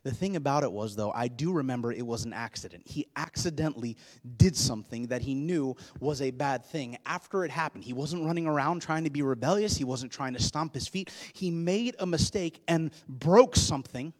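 A man in his thirties preaching a sermon. He builds to loud, urgent climaxes, then drops to quiet, low-voiced passages. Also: a little fast. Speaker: pastor.

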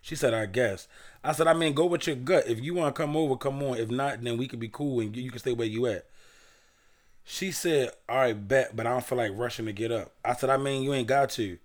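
A man on a casual podcast, retelling a dating story in a blunt, profane, deadpan way with lots of restarts. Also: medium pitch, a little fast. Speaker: podcast co-host telling a story.

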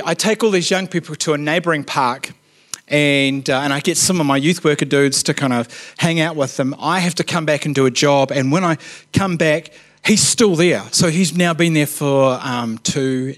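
A man, a youth worker telling a story in a sermon, chatty and casual, with frequent asides of "you know what I mean". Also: fairly high pitch. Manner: drops to a quiet, earnest tone at serious moments.

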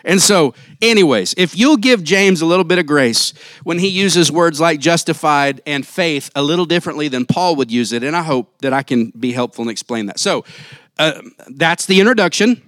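A man preaching a sermon in church on a handheld mic, casual and jokey, acting out quick quotes. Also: on the high side, expressive, fairly bright tone, dry recording. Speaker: pastor.

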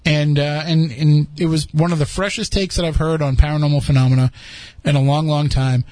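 A man's voice: a little high, fairly even intonation, a little fast, darkish tone, no echo. A man hosting a podcast, chatting casually and rambling with frequent restarts. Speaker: podcast host. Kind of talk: casual chat.

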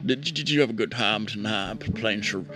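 A man's voice: lowish voice, normal speed, sharp tone, soft background music. A man doing nervous comedic banter, stammering and repeating words as he talks to a chatbot. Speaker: prank caller chatting with a chatbot.

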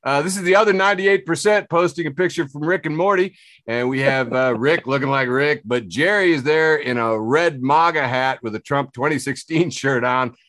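A man's voice: fairly high pitch, normal speed, fairly bright tone, no echo. Laughing man with a dry sound. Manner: laughs often, reads captions with mock outrage. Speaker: podcast co-host. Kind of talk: casual chat reading memes.

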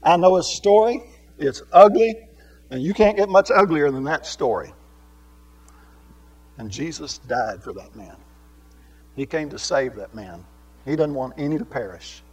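A man teaching a Bible lesson in sermon style, swinging between raised, emphatic preaching and quiet asides, with many rhetorical questions to his listeners. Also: on the high side, lively intonation, moderate pace, long pauses, slightly rough, poor audio.

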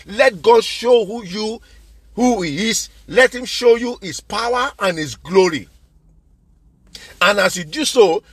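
A male preacher with a high-pitched voice delivers his sermon in a dry, close recording. He is fervent and keeps coming back to the same words. He presses his listeners with direct questions. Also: a bit bright, no echo. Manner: fervent, repeats phrases for emphasis.

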